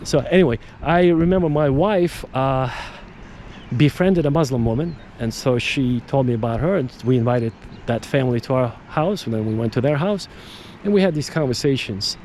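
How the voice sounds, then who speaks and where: A man's voice: mid-range voice, moderate pace, darkish tone, slight background noise. A man hosting a podcast, talking in a casual, digressive monologue that repeats words and restarts sentences. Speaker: podcast host.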